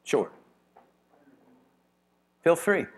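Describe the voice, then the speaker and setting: Chatty male lecturer teaching a class. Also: drawn-out words. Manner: chatty, laughs often, thinks aloud with restarts. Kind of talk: informal evening lecture to a class.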